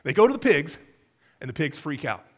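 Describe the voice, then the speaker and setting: A middle-aged pastor preaching a sermon in a church, acting out scenes and joking with the congregation. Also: male voice, a little high, brisk. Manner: animated, folksy, acts out scenes and asides to the congregation. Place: church sanctuary.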